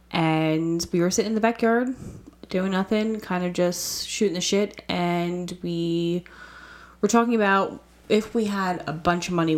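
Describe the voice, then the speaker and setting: An American woman co-hosting a podcast in a relaxed, chatty way, laughing easily. Her voice sits a little low for a woman. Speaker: podcast co-host. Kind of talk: casual podcast chat.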